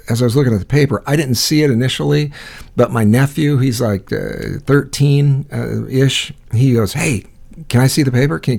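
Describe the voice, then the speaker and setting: A man's voice: lowish voice, a little mellow. A man from Iowa co-hosting a casual chat, rambling and profane, telling stories with frequent restarts.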